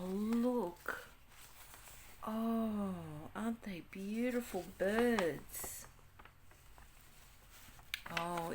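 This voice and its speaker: An Australian woman in her sixties chatting casually as she unboxes mail, gushing and exclaiming over each item. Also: on the low side. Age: 60s. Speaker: craft vlogger.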